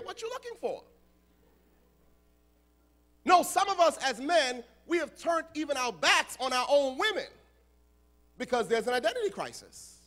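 High, bright, animated American imam. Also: male voice, moderate pace, pauses often. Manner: animated, joking with the crowd, acts out voices. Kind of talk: lively youth lecture. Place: large conference hall.

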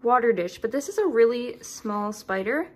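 Chatty young woman vlogging, slightly high. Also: animated, normal speed, darkish tone. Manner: chatty, apologetic, a little flustered. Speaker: reptile keeper vlogger. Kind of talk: casual vlog chat.

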